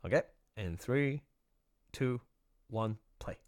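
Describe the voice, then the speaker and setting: A young man hosting a live stream in a casual, playful, animated way, quick to laugh. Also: mid-range voice.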